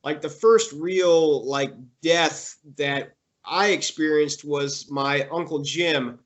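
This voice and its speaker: A young man being interviewed, telling a personal story in a halting way with many fillers and restarts, getting emotional. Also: fairly high pitch.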